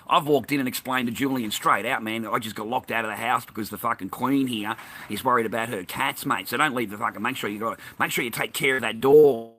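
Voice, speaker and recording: A man's voice: medium pitch, brisk, bright, forceful tone. An Australian man in a rambling, heated, profane monologue, swearing constantly.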